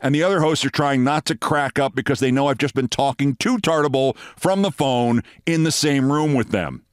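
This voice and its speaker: An older man hosting a show, telling a long anecdote in a lively way and acting out the dialogue. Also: mid-range voice, moderate pace, smooth, dry recording, studio quality. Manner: lively storyteller, acts out quoted dialogue. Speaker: host. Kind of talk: storytelling anecdote.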